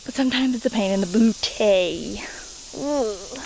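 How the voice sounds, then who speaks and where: A woman's voice: medium pitch, unhurried, vocal fry, darkish tone, slight background noise, poor audio. A young woman vlogging outdoors on a handheld camera, chatting to viewers in a rambling, giggly, self-deprecating way. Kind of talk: casual chat to camera. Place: outdoors in nature.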